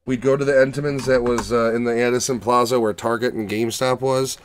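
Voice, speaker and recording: Young chicago dude hosting a movie podcast, cussing, rambling all over, super animated. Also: male voice, medium pitch, brisk, clear, resonant tone. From Chicago area. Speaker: podcast host reviewing movies. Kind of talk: casual chat.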